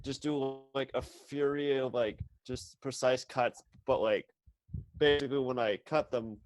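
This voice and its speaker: A man's voice: medium pitch, fairly even intonation, a little slow, no echo. A man playing in a tabletop role-playing game, rambling with many fillers as he describes his move. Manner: rambling, full of likes and ums. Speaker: player.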